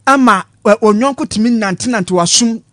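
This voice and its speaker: A man's voice: sits high, moderate pace, fairly bright tone, no room sound, clean studio sound. A man with a Ghanaian accent co-hosting a midday news show, giving chatty commentary and switching between Twi and English. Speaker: news co-host.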